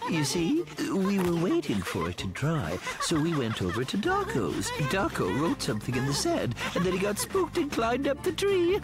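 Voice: medium pitch, wildly swooping pitch, moderate pace, hardly any pauses, loud music behind the voice. A voice actor playing a sensitive, touchy male cartoon animal who turns flustered and defensive.

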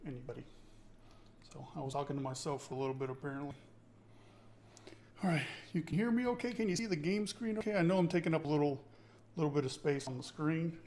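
A man's voice: fairly high pitch, darkish tone, a little hiss or hum. A man hosting a casual live-streamed tech tutorial, chatty and enthusiastic, thinking aloud and often checking in with his chat.

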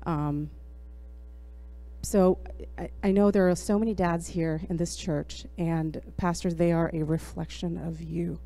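A woman's voice: lowish voice, fairly even intonation, warm tone, faint music behind. Woman giving a heartfelt church tribute. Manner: emotional, laughing and halting with fillers. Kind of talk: heartfelt testimony to a congregation. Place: church sanctuary.

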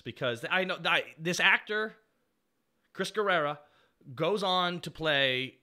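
A man's voice: on the high side, bright, forceful tone. A man in his thirties doing casual stream commentary on his old series, rambling and swearing freely.

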